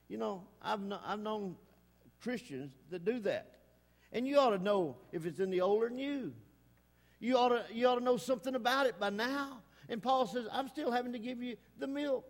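A man preaching a sermon, swinging between hushed and emphatic delivery. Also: high-pitched, long reverb tail. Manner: folksy, rising and falling between hushed and emphatic.

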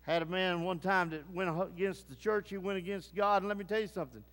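A man preaching with fervor, his voice high-pitched for a man. He drops into low grave tones, then presses upward with urgency. The sound carries a long reverb. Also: a little fast, fairly bright tone. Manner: fervent, swings between low grave tones and rising urgency. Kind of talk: sermon.

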